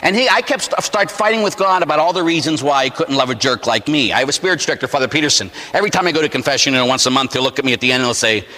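A man from Pittsburgh, a Catholic priest, telling a personal story as a sermon in an animated, humorous way, acting out the scenes. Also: mid-range voice, racing, few pauses, in a large hall. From Pittsburgh, USA.

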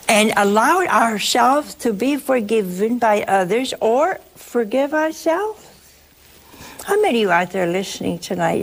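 In a husky, gravelly voice of medium pitch, a woman delivers a folksy, sermon-like talk to her listeners. She leans hard on key words, stressing them slowly and emphatically.

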